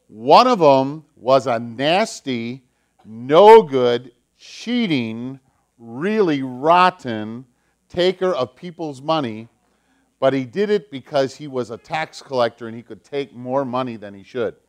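A pastor telling a story to children during a sermon, in an animated, emphatic way. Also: male voice, mid-range voice, normal speed.

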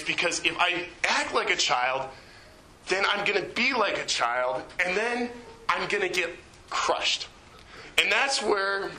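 A man in his twenties, a youth leader giving a chatty, animated sermon in a church, with lots of fillers. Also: sits high, roomy sound, a little hiss or hum, poor audio. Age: 20s. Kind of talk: informal sermon.

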